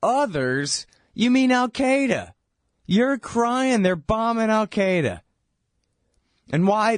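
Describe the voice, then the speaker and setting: A man's voice: fairly high pitch, no room sound. Guy ranting sarcastically on his radio show, dry close sound. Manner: sarcastic, mocking. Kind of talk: political commentary monologue.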